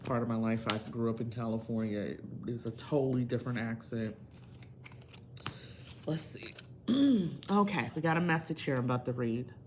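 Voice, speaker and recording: A woman's voice: a bass voice, normal speed, slight background noise. Earnest woman giving a tarot reading. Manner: earnest, emphatic, preachy pep talk. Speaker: tarot reader. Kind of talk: casual tarot reading video.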